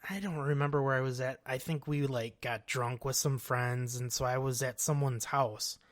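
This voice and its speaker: A man co-hosting a podcast, telling stories in an animated, slangy, laughing way. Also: medium pitch, normal speed. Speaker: podcast co-host. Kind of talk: casual storytelling chat.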